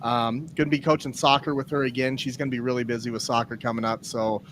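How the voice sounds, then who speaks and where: A man's voice: mid-range voice, level tone, fast, fairly bright tone, a little hiss or hum. A man hosting a football podcast in an upbeat, chatty way, steering the conversation. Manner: upbeat, chatty, guides the talk. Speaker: podcast host. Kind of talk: casual sports chat.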